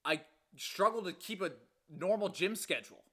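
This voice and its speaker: A young man in his twenties ranting on a casual sports podcast, his voice bright and forceful. He sounds exasperated and swears freely, pitched a bit above most men. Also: expressive, moderate pace. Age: 20s. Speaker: podcast co-host.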